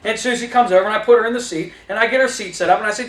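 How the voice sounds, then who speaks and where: A man's voice: very high-pitched, rapid-fire, few pauses, reverberant. A man teaching salespeople, talking energetically to trainees and acting out what he says to customers. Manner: energetic, talks straight to trainees, role-plays customer lines. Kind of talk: instructional talk with acted-out dialogue.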